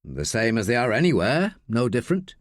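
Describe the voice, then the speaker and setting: A man's voice: mid-range voice, sing-song, fairly quick, dry recording, clean studio sound, natural voice. A man voicing a reserved young male student who speaks carefully. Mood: guarded. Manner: careful, restrained.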